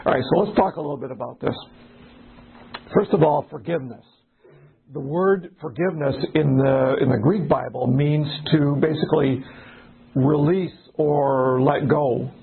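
This male pastor's voice is a little high, with vocal fry and a breathy edge, at normal speed over phone-quality sound. Leading a casual Bible study, he talks conversationally, keeps restarting sentences, and acts out little dialogues.

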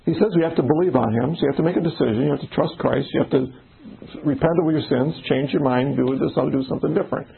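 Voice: medium pitch, vocal fry, breathy edge, narrow, tinny audio. A Bible study leader explaining word meanings and putting questions to the group in a casual discussion.

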